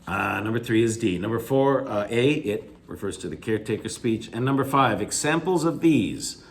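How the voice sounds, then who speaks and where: A man's voice: expressive, moderate pace, a little hiss or hum. A man teaching a recorded lecture, restating each key word with simpler synonyms and repeating himself as he works through answers. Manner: stretches pitch up on examples, lets phrase ends drop quiet. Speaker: English teacher. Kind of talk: video lecture going over reading answers.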